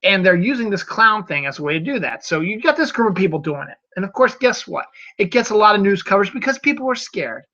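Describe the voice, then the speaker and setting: A man's voice: sits high, big pitch swings, quick pace, pushed and bright. Rambling man on a solo podcast. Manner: rambling, repeats words and restarts. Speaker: podcast host. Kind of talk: solo casual monologue. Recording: dull lo-fi audio.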